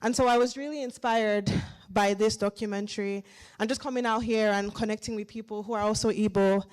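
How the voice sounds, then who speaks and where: A woman's voice: mid-range voice, steady tone, a little fast, low-quality recording. A young woman from Nigeria asks a heartfelt question from the audience at a community event, speaking thoughtfully with small hesitations. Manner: thoughtful, soft-spoken, hesitant. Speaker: audience member asking a question. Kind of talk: earnest public question.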